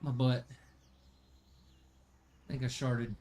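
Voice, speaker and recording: A woman's voice: rumbling low, flat delivery, takes it slowly, warm tone. A woman streamer in casual chat who teases, swears and laughs a lot, grunting with effort as she horses around. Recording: clear music playing behind.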